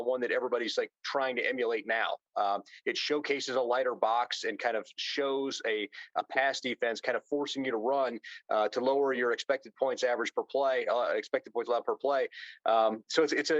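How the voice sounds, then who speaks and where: A man's voice: medium pitch, fairly bright tone, dry recording, muffled recording. An American man talking casually as a guest on a sports podcast, full of fillers and restarts, cracking jokes. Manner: conversational, many fillers and restarts, wisecracking. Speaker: NFL insider guest.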